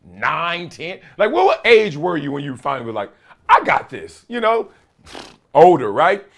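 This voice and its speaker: A man in his late forties hosts his own talk show with lively, swinging pitch in a slightly high voice. He talks casually in slang and laughs easily. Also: moderate pace. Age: late 40s. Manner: animated, laughing often, folksy slang. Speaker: host. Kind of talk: casual solo commentary.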